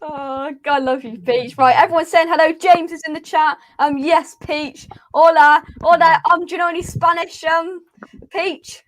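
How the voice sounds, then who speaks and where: A woman's voice: high voice, fairly even intonation, moderate pace. A woman hosting a live stream, giggling as she reads out chat comments. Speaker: host.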